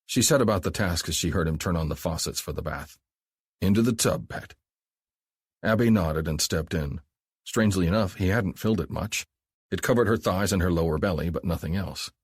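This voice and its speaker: A man narrating an audiobook in a calm, even storytelling manner. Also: deep voice, fairly quick, husky, no echo, studio quality. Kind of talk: scripted narration.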